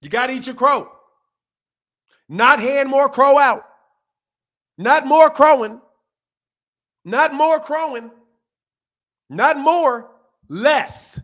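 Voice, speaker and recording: A man hosting a boxing channel stream, giving heated, mocking commentary with drawn-out emphasis. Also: extremely high pitch, a bit bright.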